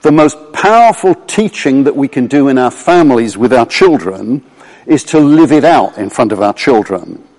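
A man's voice: medium pitch, expressive, darkish tone. Earnest preacher man in a reverberant hall. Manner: earnest, emphatic, slows down to quote scripture. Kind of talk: sermon.

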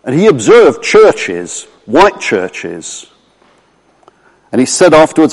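A man preaching a sermon, earnest and emphatic, slowing down when he quotes scripture. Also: mid-range voice, sing-song, darkish tone. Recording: long hall reverb.

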